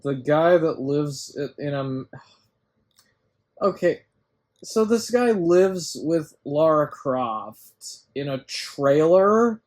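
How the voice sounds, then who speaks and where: A man's voice: a little high, expressive, extremely slow, darkish tone. A man co-hosting a podcast, chatting casually about a film, rambling, incredulous, swearing and laughing as he goes. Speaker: podcast co-host. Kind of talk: casual film review chat.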